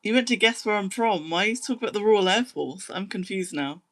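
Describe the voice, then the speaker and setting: A young British woman hosting a live stream, chatting casually with viewers and humming to fill the pauses. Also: medium pitch, lively intonation, a bit bright. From Britain. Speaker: livestream host.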